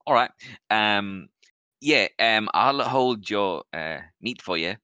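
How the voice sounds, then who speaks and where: A man voicing a hesitant young male shop lad in a tabletop game, full of ums and pauses. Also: lowish voice, lively intonation, pushed and bright, smooth, dry recording, dull audio, voice pushed up, heavily acted.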